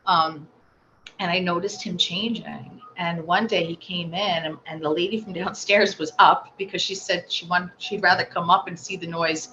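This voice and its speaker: A woman being interviewed, telling a personal story with animated delivery and acting out the voices she quotes. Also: fairly low pitch, moderate pace. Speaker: interview guest. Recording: slightly dull audio with faint noise.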